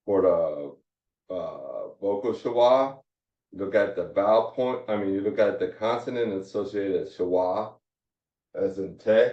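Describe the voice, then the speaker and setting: A man teaching a Hebrew phonics lesson, slowly repeating and drilling each syllable. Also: low voice. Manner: slow, repetitive drilling of syllables. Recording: roomy, distant, dull lo-fi sound.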